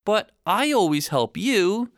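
A man's voice: fairly high pitch, sing-song, normal speed, a bit bright, dry recording, clean studio sound, voice pushed up. A man voicing an earnest little boy pleading with his older brother in a storybook.

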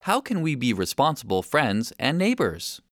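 A narrator reading a children's story aloud in a clear, steady, expressive way. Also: mid-range voice, moderate pace, noisy background.

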